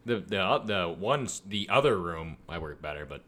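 Deep-voiced crude podcast co-host. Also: male voice, expressive, normal speed. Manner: crude, jumps into loud high silly voices. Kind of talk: casual podcast banter. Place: one big echoey room.

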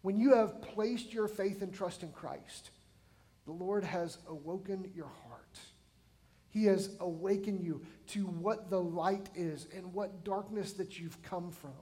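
Pastor in his forties, light high voice, conversational sermon with emphatic bursts and questions to the room. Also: measured pace, warm tone. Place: church sanctuary.

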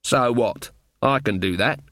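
A man voicing a slow-witted village man who drawls in a literal way. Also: medium pitch, fairly bright tone, no echo, studio quality, natural voice. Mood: plain.

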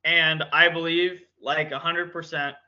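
Bright-voiced stubborn guy. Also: fairly high pitch, flat delivery, unhurried, dull audio. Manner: joking, mock-stubborn, swears. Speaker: podcast co-host. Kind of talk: casual chat.

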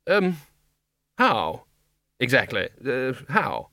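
A man voicing a gruff, impatient old head wizard in an audiobook who stammers when caught off guard. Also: medium pitch, wildly swooping pitch, extremely slow, pushed and bright, dry recording, clean studio sound, full character voice. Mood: flustered. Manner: brusque, stammers when unsettled.

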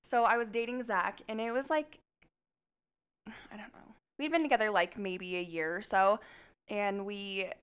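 Young woman podcast co-host, smooth and clear, a casual storyteller who swears and laughs often. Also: medium pitch, measured pace. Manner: laughing, profane, animated storyteller.

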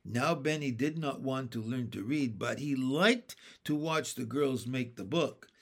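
Slow, careful male storybook reader. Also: mid-range voice, fairly bright tone. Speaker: narrator. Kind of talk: reading a children's book aloud.

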